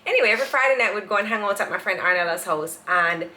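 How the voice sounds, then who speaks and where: A woman co-hosting a casual chat, telling stories in an animated, laughing way. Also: medium pitch, quick pace. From Jamaica. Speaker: co-host. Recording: echoey room.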